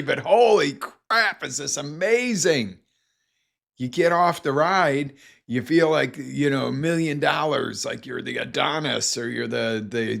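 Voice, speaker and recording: A man's voice: medium pitch, creaky. A man, a life coach, giving a motivational talk and acting out scenes in quoted voices.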